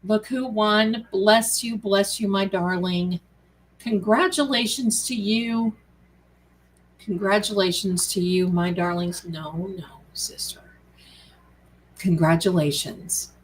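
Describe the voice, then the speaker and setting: A woman's voice: medium pitch, fairly even intonation, slow, a little hiss or hum, rough recording. A woman hosting a tarot live stream, chatting casually and affectionately with viewers she calls her darlings. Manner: chatty and rambling, reads out viewer comments.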